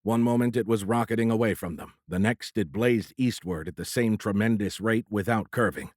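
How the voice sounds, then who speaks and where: A man narrating an audiobook thriller in a steady, measured storytelling voice. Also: fairly low pitch, no room sound, clean studio sound. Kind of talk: scripted narration.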